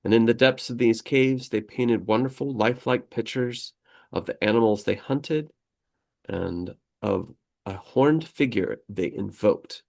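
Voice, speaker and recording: A man's voice: mid-range voice, unhurried, creaky, darkish tone. A man co-hosting a casual podcast, reading history aloud and drifting into rambling asides with frequent laughter. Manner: rambling, digressive, laughs often. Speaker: podcast co-host.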